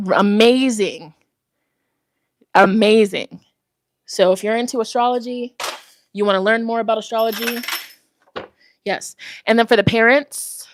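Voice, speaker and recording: A woman's voice: medium pitch, dry recording, studio quality. Breathless woman chatting on a livestream. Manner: chatty and giggly, calls viewers "y'all". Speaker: tarot reader and spiritual host. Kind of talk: casual livestream chat with viewers. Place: at home, walking around. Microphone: phone microphone held close.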